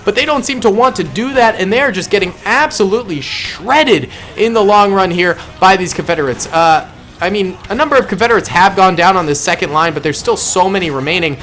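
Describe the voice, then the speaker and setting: A man talks through a battle simulation in casual gameplay commentary, thinking aloud and correcting himself as he goes. His voice sits fairly high for a man. He reacts quickly to what he sees. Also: expressive, fairly bright tone. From suburban Massachusetts. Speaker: gaming channel host.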